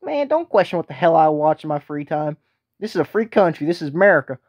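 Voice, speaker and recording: A man's voice: a little high, sing-song, fast, dry recording, highs cut off. A man voicing a crude, belligerent co-host who speaks with a put-on accent. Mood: brash, crude. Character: brash foul-mouthed male co-host with a put-on accent.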